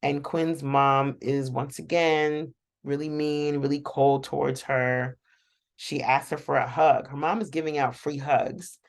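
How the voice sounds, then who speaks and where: A woman's voice: low voice, flat delivery, a little slow. A woman hosting a casual, rambling reaction recap of a TV episode, chatting to viewers and laughing often. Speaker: show reaction host.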